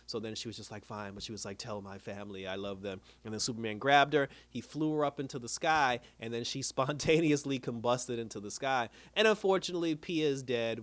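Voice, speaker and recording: Fast-talking casual man recapping a show. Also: mid-range voice. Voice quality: laid-back, slangy, laughs often. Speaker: TV episode reviewer.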